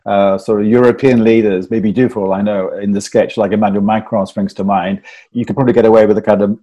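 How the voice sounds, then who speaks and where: A male podcast host asking long, careful questions in a polite, measured way. His voice sits fairly low and sounds dark and mellow. He moves through each question steadily. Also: fairly even intonation. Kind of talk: interview questions.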